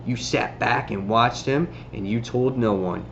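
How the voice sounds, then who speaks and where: A man voicing a cold, self-righteous vigilante superhero in a low, quiet, menacing delivery. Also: measured pace, vocal fry, dull audio, a little hiss or hum.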